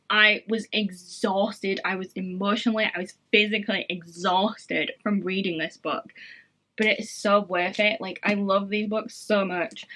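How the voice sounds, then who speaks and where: A young woman chats to camera about the books she loves, gushing and enthusiastic with plenty of fillers. Her voice is bright and forward, with middling pitch. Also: rough recording. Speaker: book reviewer. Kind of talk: casual chat to camera.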